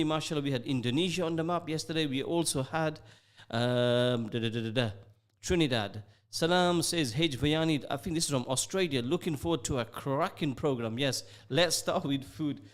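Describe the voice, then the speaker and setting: Guy hosting live radio, chatty and upbeat, kinda high voice, jokey. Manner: chatty, upbeat, jokey, sprinkles Arabic phrases. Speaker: radio host. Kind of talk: live radio show, reading out listener messages. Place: radio studio.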